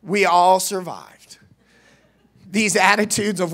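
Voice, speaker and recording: A man from Missouri preaching a sermon as youth minister, earnest, restarting words, swinging between loud and soft. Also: fairly high pitch, measured pace, creaky. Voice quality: nasal at times. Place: church.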